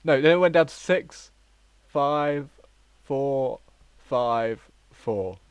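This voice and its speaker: A man's voice: mid-range voice, very slow, clean tone, no room sound. A young man co-hosting a podcast, chatting in a rambling way about his drama course. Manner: chatty, rambling with restarts and giggles. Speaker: podcast co-host, drama student. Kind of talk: casual chat.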